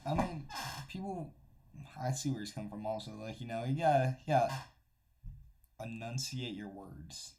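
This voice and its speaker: A man's voice: mid-range voice, animated, brisk, dark tone. A man reacting to videos on a live stream, talking in a laid-back, meandering way with lots of fillers. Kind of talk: casual reaction commentary.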